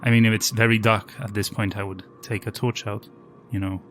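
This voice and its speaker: A man playing a tabletop game, describing his actions in low, quiet asides. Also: little pitch movement, a little fast, a little hiss or hum. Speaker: player.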